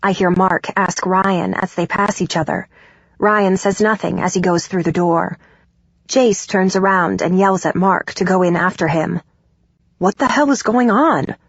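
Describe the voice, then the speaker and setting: A woman narrating a first-person audiobook in a steady, even way. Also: on the low side, a little slow, no room sound. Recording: dull, dry studio recording.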